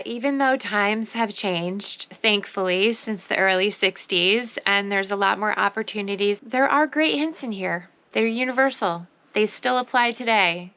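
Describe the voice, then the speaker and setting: A woman's voice: mid-range voice, unhurried, few pauses, sharp tone. A woman hosting a casual vlog about thrifted finds she resold, talking with enthusiasm and frequent exclamations.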